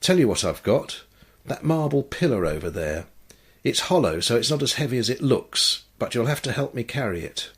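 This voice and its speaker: A man's voice: mid-range voice, sing-song, normal speed, husky. A man voicing an easygoing, hospitable man who offers drinks and help in an offhand way. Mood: friendly.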